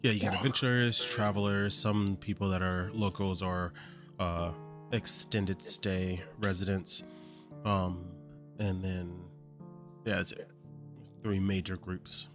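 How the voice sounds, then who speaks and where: Deep-voiced game master, guitar music behind. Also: male voice, level tone, takes it slowly. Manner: hesitant, many ums and uhs. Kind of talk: narrating a tabletop game.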